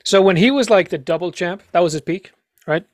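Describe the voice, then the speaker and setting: Podcast guest: young Irish man, blunt and casual, high-ish voice, dry sound. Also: a little fast, no room sound. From Ireland. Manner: blunt, chatty, many fillers.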